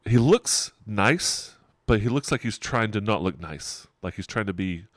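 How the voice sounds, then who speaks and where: A man's voice: fairly low pitch, lively intonation, a little slow, a bit bright, dry recording, clean studio sound. A middle-aged man narrating a tabletop game as game master, describing scenes in a rambling, digressive way and chuckling often.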